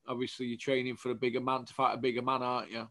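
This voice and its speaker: A man's voice: mid-range voice, little pitch movement, very fast, a bit bright. A man hosting his channel, asking a boxer loose, informal questions. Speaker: interviewer, channel host. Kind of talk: casual interview.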